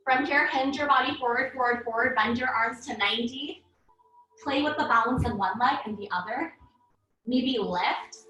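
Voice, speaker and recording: Breathless yoga teacher, bright and roomy. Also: female voice, a little high, normal speed, lo-fi sound. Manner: calm cueing, breath-paced instructions. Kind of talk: live online yoga class instruction. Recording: echoey room from far off.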